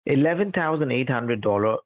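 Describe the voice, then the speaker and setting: A man's voice: medium pitch, lively intonation, brisk. Pushy man over a tinny phone line. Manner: pushy, repetitive, bossy commands. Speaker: phone scammer. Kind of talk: phone call.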